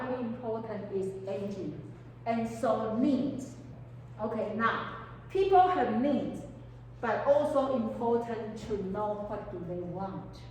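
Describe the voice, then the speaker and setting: A woman lectures on counseling to a room of students, frequently pausing to pose questions to the class, and her English shows non-native phrasing. Her voice is fairly high with a darkish tone. She sounds far from the mic in a strongly reverberant hall, with slight background noise.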